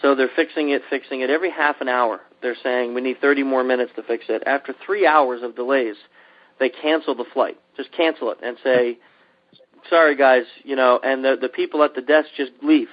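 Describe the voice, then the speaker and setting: A man hosting a podcast, telling a long travel mishap story in a casual, animated way and acting out the people in it. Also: medium pitch, brisk. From Pennsylvania. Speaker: podcast host. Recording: dull lo-fi podcast audio.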